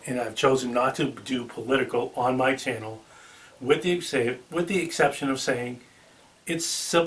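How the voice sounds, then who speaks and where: A man with a Boston accent hosts a car channel, talking casually to the camera and chatting with filler ums and restarts. His mid-range voice has a fairly bright tone and sounds far from the mic.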